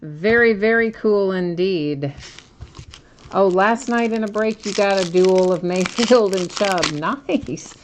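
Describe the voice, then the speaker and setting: A woman's voice: mid-range voice, slow pace, slight background noise. A woman hosting a live card break, chatting casually as she opens packs and reads out each card.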